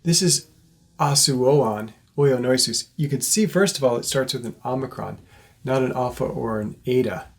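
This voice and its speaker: A man's voice: mid-range voice, moderate pace, vocal fry. A man giving a recorded class lecture, explaining step by step in a patient way and checking in with his listeners. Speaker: teacher.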